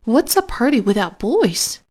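A woman voicing a helpful, clever young schoolgirl in a storybook, in a lively, chatty tone. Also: on the high side, unhurried, voice pushed up. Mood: cheerful.

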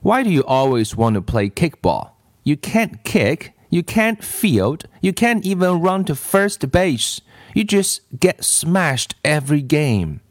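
A man's voice: medium pitch, wildly swooping pitch, moderate pace, hardly any pauses, darkish tone, no room sound, clean studio sound. A man reading aloud and voicing a confident, fair-minded schoolyard figure in a raised voice. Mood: lecturing.

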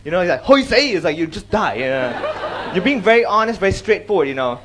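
A man on stage giving an animated talk about comedy, acting out jokes and switching between English and Cantonese. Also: sits high, fast, background noise. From Hong Kong. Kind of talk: talk on comedy with joke examples. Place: stage before an audience.

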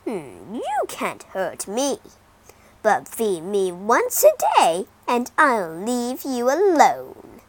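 A woman's voice: huge pitch swings, slow pace, full character voice. A woman doing a snarling, greedy storybook dragon. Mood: gloating. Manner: snarling, threatening, low and gloating. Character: huge greedy scaly male dragon, menacing and sulky. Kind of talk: storybook reading.

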